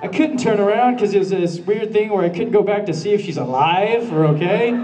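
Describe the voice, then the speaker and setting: Man, high mellow voice, animated comic storyteller, distant audience-camera recording. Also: brisk, a faint crowd, slight background noise. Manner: animated, acts out his own panic in quotes. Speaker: convention panel guest. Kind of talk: comic anecdote told on stage. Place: convention panel room. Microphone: filmed from the audience at a distance.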